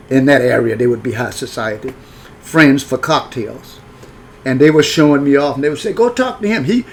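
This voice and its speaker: A man's voice: medium pitch, slight background noise. A man telling a personal story in a frank, rambling folksy way, full of restarts. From rural upbringing.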